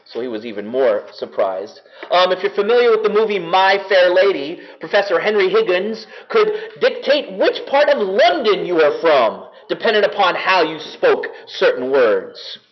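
A man preaching a sermon to a congregation, earnest and measured, slowing down to stress key words. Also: high-pitched, sing-song, highs cut off. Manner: earnest, measured with slowed emphasis.

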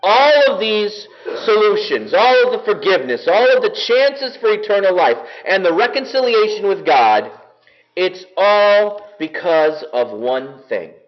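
Guy pastor preaching, lively up-and-down voice, kinda high, dull lo-fi sound. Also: unhurried. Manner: earnest, enthusiastic, conversational. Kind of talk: sermon. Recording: dull lo-fi recording.

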